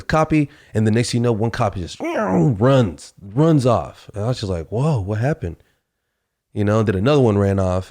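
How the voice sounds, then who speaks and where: A man's voice: on the low side, mellow. A man hosting a podcast, telling a story casually with lots of fillers and acted-out dialogue. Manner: conversational, acts out quoted dialogue, many fillers. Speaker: podcast host.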